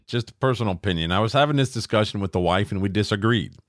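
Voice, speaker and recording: A middle-aged man co-hosts a podcast, his voice low and his pace quick. In casual, profane chat he rants freely and acts out the voices of people he quotes.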